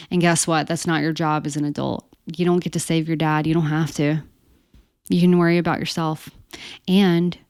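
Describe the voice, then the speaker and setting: Woman coach, smooth low voice. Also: dry recording, studio quality. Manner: animated, conversational, addresses listeners as you guys. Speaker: codependency coach. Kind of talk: casual teaching talk.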